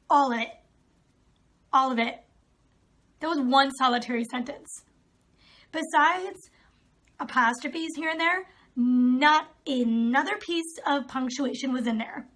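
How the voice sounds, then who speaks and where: With a high, slightly bright voice, a young video creator reads viewer comments aloud on her vlog. Her replies are sarcastic and exasperated, and she laughs a lot.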